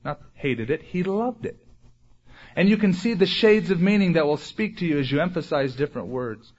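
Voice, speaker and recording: Husky male preacher, lo-fi sermon. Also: on the high side, expressive, brisk. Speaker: pastor.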